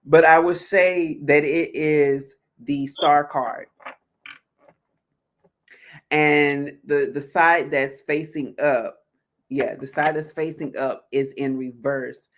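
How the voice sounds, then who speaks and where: A woman tarot reader chatting casually on a stream. She tells stories with lively swings in pitch and slips into quick acted-out lines of dialogue. Her laughter breaks in often. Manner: animated storyteller, acts out little dialogues, laughs often. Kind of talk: casual spiritual chat.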